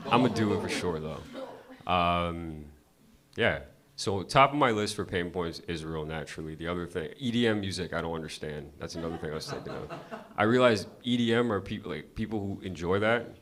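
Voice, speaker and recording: A man's voice: deep voice, a bit bright. A man doing a casual, profane stand-up set at an open mic, talking to the crowd conversationally. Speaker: stand-up comedian. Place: comedy club stage.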